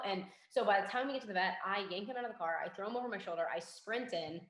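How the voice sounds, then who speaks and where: A young woman, a forensic investigator, telling a story in a casual interview and acting out the quoted dialogue in a lively way. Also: mid-range voice, fast, few pauses. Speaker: guest, forensic investigator and K9 handler. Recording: roomy echo.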